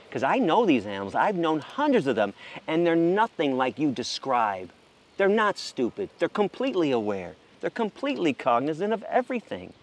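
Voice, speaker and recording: A man's voice: fairly high pitch, huge pitch swings, moderate pace. A man speaking passionately about animal sanctuaries in a casual monologue, stammering into restarts and swearing now and then. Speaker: vegan animal rights advocate.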